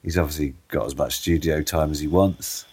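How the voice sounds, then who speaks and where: A man's voice: rumbling low, steady tone, fairly quick, a little mellow, slightly rough. A man hosting a podcast, talking in a laid-back, slangy way and swearing casually. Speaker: podcast host. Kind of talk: casual chat.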